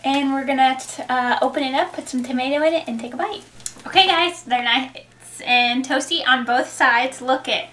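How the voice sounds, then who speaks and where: A woman's voice: high-pitched, moderate pace, fairly bright tone. A young woman hosting a home cooking video in her kitchen, chatting casually and giggling as she talks viewers through a recipe. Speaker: cooking show host.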